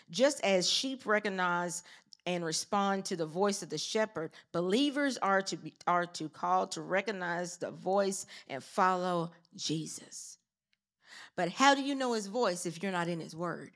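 A woman's voice: medium pitch, a bit bright. Middle-aged woman, casual sermon delivery, rhetorical and folksy. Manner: conversational, laughs often, asks rhetorical questions. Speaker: preacher. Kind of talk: informal sermon.

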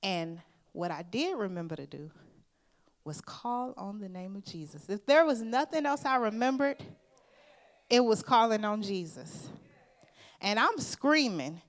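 A woman preaches a sermon in a medium-pitched, animated voice at a slightly slow pace. She shares a personal story earnestly and emphatically, using informal, conversational phrasing and calling the congregation "y'all."

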